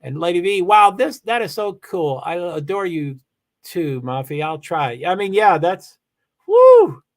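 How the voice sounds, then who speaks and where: Guy with a kinda high voice doing a livestream, rambly, thanking everyone over and over. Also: unhurried. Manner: rambling, effusive thanks, frequent restarts. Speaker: livestream host. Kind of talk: casual livestream chat, reading viewer comments.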